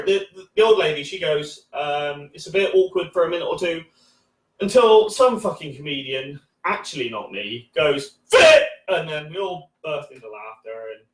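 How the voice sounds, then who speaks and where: A man's voice: a little high, fairly bright tone. A man in his thirties telling rambling, sweary stand-up stories with lots of ums and restarts. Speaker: stand-up comedian. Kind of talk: stand-up comedy livestream. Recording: echoey room, far from the mic.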